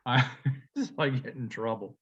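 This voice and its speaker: A man's voice: medium pitch, lively intonation, unhurried, a bit bright, dull audio. A man who teaches, co-hosting a casual podcast, telling a rambling story with frequent laughs and restarts. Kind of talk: casual chat.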